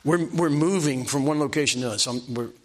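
An older man preaching a sermon, telling folksy personal stories with restarts and slow, emphatic punchlines. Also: medium pitch.

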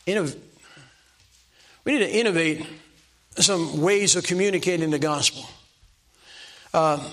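A man's voice: a little high, a bit bright. An older man preaching a sermon from the pulpit in a folksy, self-deprecating way, repeating his exhortations. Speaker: pastor.

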